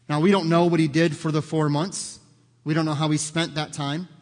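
A man's voice: a little high, flat delivery, normal speed. A man preaching a sermon as pastor, earnest and conversational, sharing personal stories. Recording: long hall reverb.

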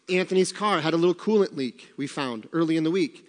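A man's voice: sits high, brisk, few pauses, big-room sound. A man leading a church group in casual devotional talk, acting out his own worried voice in quotes. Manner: animated, acts out quoted worries.

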